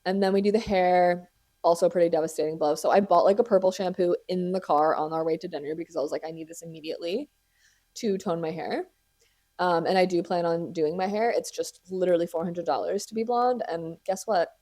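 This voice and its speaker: Fairly low and mellow, this young woman's voice moves at a quick pace. As a podcast host she recounts a story in relaxed chat, dramatic and swearing freely, with plenty of laughter.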